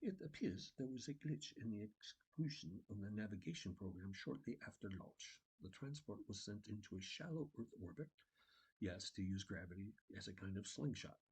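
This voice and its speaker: A man's voice: fairly low pitch, expressive, normal speed, darkish tone, breathy edge, full character voice, poor audio. A man voicing a formal, literal-minded ship computer that speaks in precise, stiff wording.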